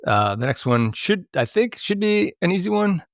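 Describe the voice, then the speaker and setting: A man's voice: sits high, big pitch swings, normal speed, no echo, clean studio sound. A man hosting a podcast movie quiz, chatting casually and laughing often. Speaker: podcast host running a movie quote quiz. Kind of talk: casual chat.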